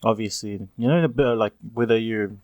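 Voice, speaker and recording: A man hosting a casual interview, easygoing and quick to agree. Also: fairly low pitch, a little mellow, no room sound, dull audio. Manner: easygoing, agreeable, lots of 'yeah, yeah'. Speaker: interviewer host.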